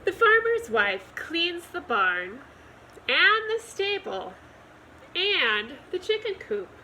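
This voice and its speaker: A woman reading a children's picture book aloud for storytime. Her delivery is gentle and expressive, very slow, with a bright, clear voice that rises and falls a lot. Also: very high-pitched, slight background noise, low-quality recording. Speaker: storytime reader.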